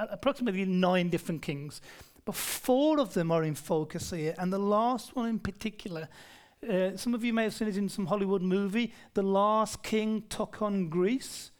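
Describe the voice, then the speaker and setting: Here a man with a high-pitched, clear and resonant voice preaches a Bible-study sermon. His style is conversational, full of questions aimed at the congregation, with many restarts.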